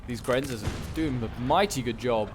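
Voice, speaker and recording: A man giving casual, rambling commentary on a strategy game battle, excitable and talking back to the units on screen. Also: medium pitch, moderate pace, noisy background. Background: gunfire and battle sounds.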